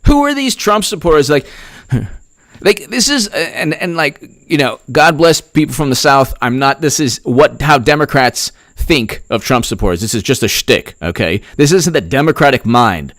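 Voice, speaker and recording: In a rambling, heated political commentary vlog, a man talks conversationally at a moderate pace. His voice is a little high and fairly bright with lively intonation, captured as clean studio sound with no room echo.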